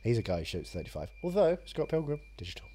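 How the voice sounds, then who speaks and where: A man's voice: mid-range voice, sing-song, quick pace, dark tone, slight background noise. A man co-hosting a casual film podcast, joking and riffing. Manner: joking, riffing, slipping into silly put-on voices. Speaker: podcast co-host.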